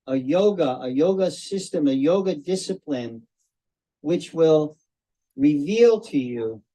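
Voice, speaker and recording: An older man giving a devotional talk to a group over a video call, telling stories slowly and circling back on his phrases. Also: on the high side, warm tone, rough recording. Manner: slow, storytelling, repeats and restarts phrases. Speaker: spiritual teacher.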